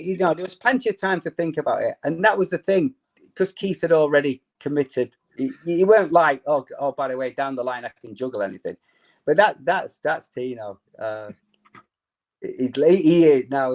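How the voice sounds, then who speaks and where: A man's voice: a little high, moderate pace. A Yorkshire man in his fifties, a former footballer, telling anecdotes and acting out the dialogue with laughs. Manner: animated, laughing, acts out dialogue. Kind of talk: anecdotal storytelling.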